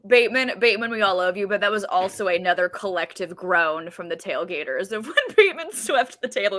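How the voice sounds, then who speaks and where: Bright excited woman podcast co-host. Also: medium pitch, brisk, few pauses. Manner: excited storytelling, frequent laughs, says freaking. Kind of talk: casual chat.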